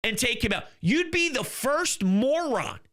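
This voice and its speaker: A young man hosting a sports talk show, ranting heatedly with bursts of shouting. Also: very high-pitched, lively intonation, measured pace.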